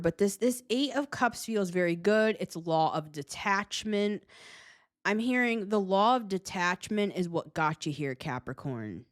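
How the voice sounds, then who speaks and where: A woman's voice: fairly low pitch, dry recording, clean studio sound. A woman giving a casual tarot reading, chatty and blunt, swearing freely and laughing often. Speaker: tarot reader.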